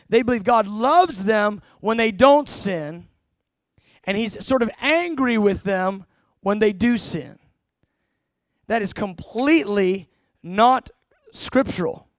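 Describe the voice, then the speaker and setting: High-voiced preacher, emphatic. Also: male voice, dry recording, studio quality. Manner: emphatic, shifting between slow stressed phrases and rapid asides; asks the congregation questions. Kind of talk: sermon.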